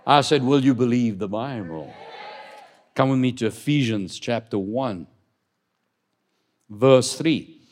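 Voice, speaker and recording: This pastor delivers his sermon expressively and slowly, with long pauses. He builds loud, emphatic declarations, then drops his voice low to read scripture and question the congregation.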